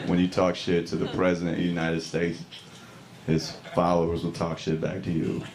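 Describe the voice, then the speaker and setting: A man's voice: low voice, completely flat delivery, moderate pace. A male stand-up comedian with a dry, sardonic delivery. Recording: loud hiss over the voice.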